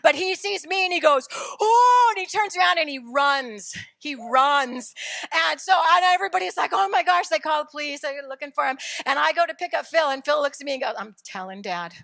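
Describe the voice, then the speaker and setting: A middle-aged woman preaching a sermon, telling a lively personal story and shouting at its dramatic moments. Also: high-pitched, a little fast, creaky, dry recording.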